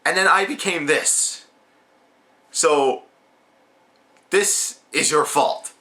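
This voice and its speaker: A man's voice: a little high, very slow, sharp tone, pitched above the performer's own voice, full character voice. A man voicing a bitter, vengeful grown son ranting at his father. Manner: resentful ranting monologue.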